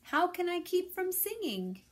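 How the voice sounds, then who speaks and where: A woman voicing a cheerful, stubborn male rooster in a storybook read-aloud, with a bright, sing-song, defiant way of talking. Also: very high-pitched, very animated, measured pace, pitched above the performer's own voice, full character voice.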